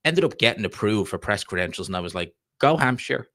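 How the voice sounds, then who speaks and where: Low-voiced Dublin Irish man chatting. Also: big pitch swings, fast, bright, forceful tone, no room sound, clean studio sound. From Ireland. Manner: rambling, chatty, reads viewer comments aloud. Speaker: live stream host. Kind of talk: casual live-stream chat about boxing.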